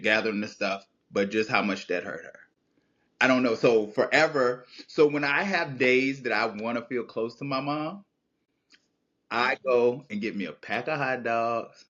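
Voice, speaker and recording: A man talks through childhood memories as a podcast guest, reflective and then animated, in a mid-pitched voice. The audio is a touch dull and lo-fi. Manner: storytelling, reflective, animated when recalling childhood. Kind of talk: casual heartfelt conversation.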